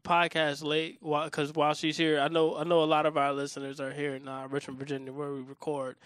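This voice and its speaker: Bright, high-pitched male comic co-host, laughing and chatty. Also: monotone, fairly quick, smooth, dry recording. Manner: laughing, joking, talkative. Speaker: podcast co-host and comedian. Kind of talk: casual chat. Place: studio in Richmond, Virginia.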